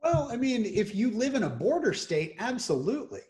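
A man hosting a podcast, explaining legal matters in measured, methodical lists. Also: extremely high pitch, big pitch swings, darkish tone. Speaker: criminal defense attorney host.

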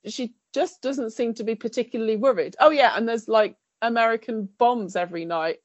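A woman's voice: fairly high pitch, a little fast, no room sound, dull audio. A woman giving a wry, jokey take on TV shows as a podcast panelist. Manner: wry, jokey, laughs between remarks. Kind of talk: casual review chat.

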